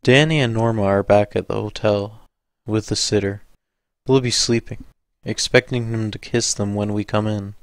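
A man's voice: fairly low pitch, steady tone, moderate pace, clear, resonant tone, no echo, natural voice. Man voicing a polite young constable. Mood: gentle. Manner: gentle, polite.

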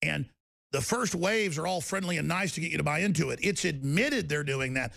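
A middle-aged male host rants through a broadcast monologue, his fairly high voice rough with gravel. He swings between shouted peaks and low, intense stretches. The sound is dry and close. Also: brisk, dry recording. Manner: ranting, shifting from loud outbursts to low intensity. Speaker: talk show host.

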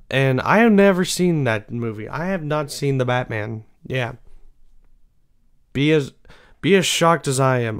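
A young man talks at a slow, unhurried pace, wandering from thought to thought with plenty of fillers and false starts. His voice comes through smooth and clear as he chats casually as the host of his own show. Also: medium pitch. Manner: rambling, many fillers and restarts. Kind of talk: casual solo chat.

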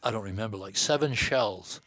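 An older man from the northeastern United States appears as a guest, spinning a long hunting story in a folksy, conversational way and laughing between lines. His lowish voice is fairly quick and fairly bright, captured in a dry, studio-quality recording.

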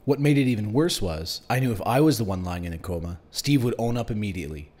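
A man's voice: on the low side, expressive, quick pace, darkish tone. A man reading a novel aloud in the first person, telling the story expressively. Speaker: audiobook reader.

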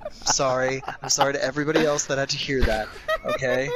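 A man chatting with friends during a game, excitable and yelling in bursts. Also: mid-range voice, fairly quick, a loud crowd. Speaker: gaming friend. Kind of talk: casual gaming chat.

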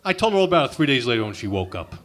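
A man's voice: mid-range voice, very animated, rapid-fire, a bit bright. Crude, abrasive stand-up comic, a man. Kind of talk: insult stand-up routine. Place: comedy club open mic.

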